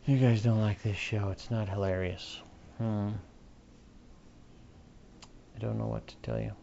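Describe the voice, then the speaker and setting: A man's voice: on the low side, steady tone, unhurried, gravelly, warm tone, dull audio, slight background noise. A man hosting his own podcast, rambling along in an offhand, self-mocking way. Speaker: podcast host. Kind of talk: rambling solo podcast chat.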